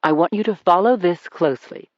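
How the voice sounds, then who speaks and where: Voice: medium pitch, fairly quick, no echo, lightly acted. A reader voicing a tough male federal agent. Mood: threatening. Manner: menacing, calm threats. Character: tough male ex-prosecutor cop, confident. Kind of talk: audiobook character reading. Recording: dull dry recording.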